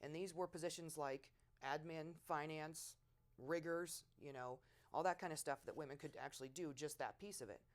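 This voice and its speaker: A middle-aged woman in an oral history interview, telling war stories in a lively way and acting out quotes loudly. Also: low-pitched, moderate pace. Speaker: veteran interviewee.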